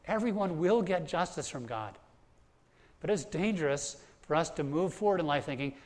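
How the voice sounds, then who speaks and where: A man's voice: on the high side, expressive, moderate pace. Earnest man preaching a sermon. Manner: earnest, repeats words as he builds points. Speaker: pastor. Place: church hall with congregation.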